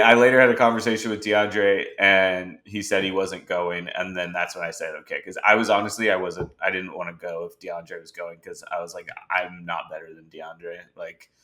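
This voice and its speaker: A man with a low-set, bright and forceful voice hosts a podcast in easy conversation. He tells his stories with energy and slips into the voices of the people he quotes. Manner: animated storyteller who acts out quoted dialogue. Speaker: podcast host. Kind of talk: casual conversation.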